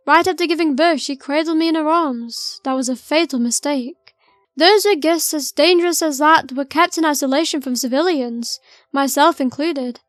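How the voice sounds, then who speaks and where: A woman reads as a quiet, mysterious male entity with a high voice. He speaks slowly and evenly, like a being recalling other lives. The read is dry and close, with faint music underneath. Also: dry recording, natural voice.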